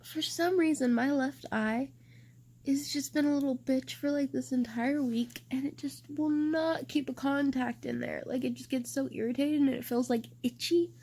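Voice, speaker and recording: A young woman chats to camera for her reading vlog. Her voice sits a little higher than usual, and she talks loosely and swears freely as she rants about what she has been reading. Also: fairly even intonation, normal speed, a little mellow. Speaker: book vlogger.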